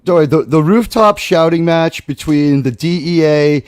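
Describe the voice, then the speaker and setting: A man with a slightly higher voice talks loosely in a casual podcast chat, circling back and restarting as he hunts for names. His voice sounds close and dry, with no room around it. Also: normal speed, darkish tone, no echo. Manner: rambling, restarts, searches for names. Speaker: podcast panelist.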